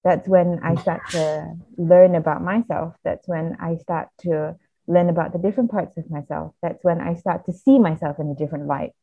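A woman with a somewhat low voice speaks earnestly and reflectively as a podcast guest, often restarting her sentences. The sound is thin and tinny, like a phone line. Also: steady tone, moderate pace, mellow, no echo. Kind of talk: candid personal storytelling.

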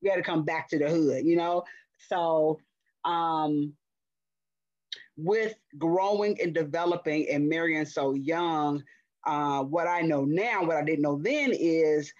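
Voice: medium pitch, takes it slowly, darkish tone, no room sound, muffled recording. A guest in their forties from Cincinnati, telling a candid personal story in a reflective, frank way and laughing easily. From Cincinnati, USA.

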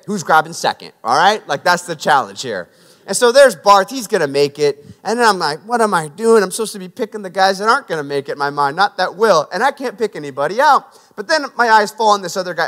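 A man's voice: high voice, bright, forceful tone. A man preaching a sermon and telling stories from his military training, in an earnest, conversational way with restarts, recorded in a hall. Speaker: preacher and former Navy SEAL. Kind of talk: sermon with personal story. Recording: echoey hall with long reverb.

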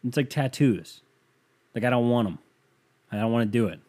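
Young man, podcast host, casual comedic rant, rambling, filler-heavy, dark mellow voice, mid pitch. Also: normal speed. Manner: rambling, wry, riffing with lots of fillers.

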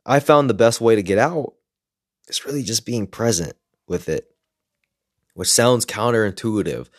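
Frank, low-voiced man sharing reflections. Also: normal speed, no room sound, studio quality. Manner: frank, swears often, reflective. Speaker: self-help creator. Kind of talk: casual personal monologue.

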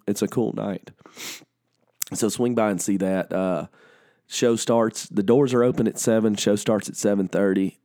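A man hosting a podcast, hoarse and sniffly from a cold, talking slow and low, almost whispering, alone in a small room. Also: dark tone, dry recording, studio quality. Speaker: podcast host. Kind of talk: podcast announcements.

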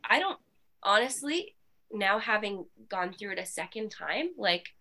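Bright-voiced woman telling her story. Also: mid-range voice, unhurried. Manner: animated, with frequent fillers and laughs. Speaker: podcast guest. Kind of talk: candid personal storytelling.

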